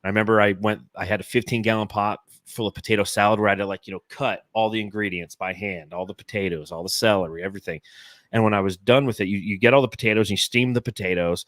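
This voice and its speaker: Fortyish guy from phoenix rambling on a sports podcast, swears a lot, lots of um and like, deepish voice. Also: fairly even intonation, quick pace, a bit bright, no room sound, clean studio sound. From Phoenix, Arizona, US. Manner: rambling, profane storytelling full of fillers. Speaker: podcast co-host. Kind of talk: casual sports podcast chat.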